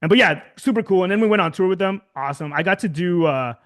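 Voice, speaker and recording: A man's voice: sits high, animated, quick pace, fairly bright tone. Rambling man in casual interview chat. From Southern California. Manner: rambling, many fillers and restarts, laughs often. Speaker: guest musician.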